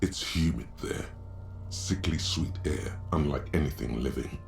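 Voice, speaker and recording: An actor voicing a grave male narrator in a video game, with slow, ominous and vivid delivery. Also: rumbling low, vocal fry, a little mellow, soft background music, heavily acted.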